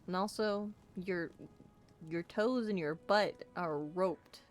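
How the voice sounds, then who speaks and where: A woman's voice: on the low side, slow, soft background music. A woman streamer giving playful gaming commentary, bubbly and jokey, chatting to the characters on screen. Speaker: let's play streamer.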